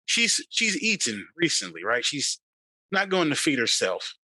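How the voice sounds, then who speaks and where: A man playing a tabletop game, chiming in with eager, quick interjections. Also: fairly high pitch, wildly swooping pitch, pushed and bright, no room sound. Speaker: player. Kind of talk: casual tabletop game play.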